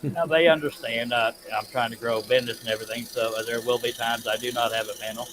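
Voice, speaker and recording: A man hosting a casual live stream, folksy and quick to laugh, reading out chat messages. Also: medium pitch, steady tone, crowd noise, rough recording. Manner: folksy, laughs often, reads chat aloud.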